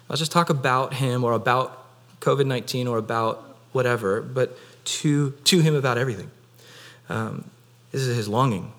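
A young man preaching an Easter sermon in a casual, conversational way, with many fillers. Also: mid-range voice. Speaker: pastor.

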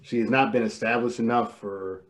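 A man chatting about a film at an ordinary middle pitch. He talks in a measured way, agreeing with his co-host and hedging his points with fillers. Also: steady tone. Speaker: podcast co-host. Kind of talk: casual film discussion.

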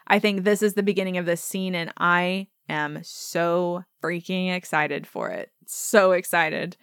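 A woman's voice: on the low side, fairly bright tone, clear, resonant tone, no echo, clean studio sound. A young adult woman hosting a podcast, breaking down a show trailer in a chatty, opinionated, gushing way. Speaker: podcast host. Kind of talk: casual trailer breakdown commentary.

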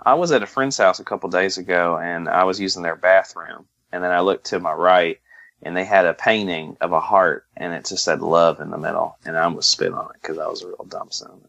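A man co-hosting a podcast in casual chat, deadpan and jokey, sometimes drifting into a put-on drawl. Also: sits low, a little fast, creaky, muffled recording. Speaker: podcast co-host.

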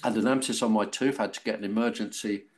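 An older English man, an actor guest, telling animated stories about his career and acting out quoted voices with frequent laughs. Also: lowish voice, quick pace. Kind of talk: anecdotal interview.

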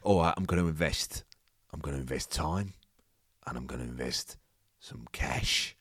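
A man voicing a tough male investor with a put-on Cockney accent and a gruff, lowered voice. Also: moderate pace, a bit bright, no echo, studio quality, heavily acted. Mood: swaggering.

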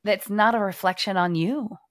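Woman, young adult, podcast co-host, animated storyteller, medium pitch, dry recording. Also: moderate pace, no echo. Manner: animated storyteller, acts out quotes. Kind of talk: casual faith conversation.

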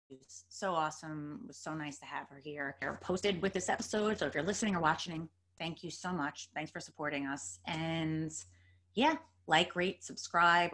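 A woman hosting a podcast, gushing and grateful, halting and restarting as she talks. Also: sits low, fairly bright tone. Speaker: podcast host. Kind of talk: casual interview chat.

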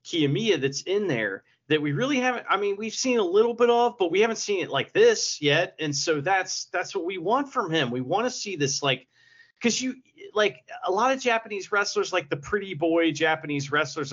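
Bright-voiced, enthusiastic man on podcast. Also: high-pitched, animated, moderate pace, muffled recording. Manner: enthusiastic, laughs along, sprinkles in "like". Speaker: podcast co-host. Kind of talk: casual wrestling chat.

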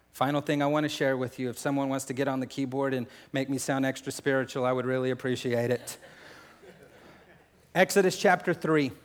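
Preaching man in a reverberant hall. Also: mid-range voice. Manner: emotional, swings from loud to hushed; conversational, addresses crowd as folks and family. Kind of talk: sermon.

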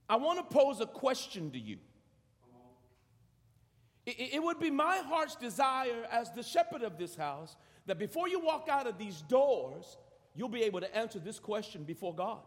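A man's voice: extremely high pitch, big pitch swings, moderate pace, long pauses. A man preaching a sermon as pastor of a church, often repeating words as he starts a phrase. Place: large church sanctuary. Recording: long hall reverb.

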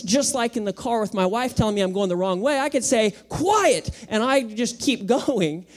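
A man in his thirties preaching a sermon as pastor, in a relaxed, conversational way full of everyday anecdotes. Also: extremely high pitch.

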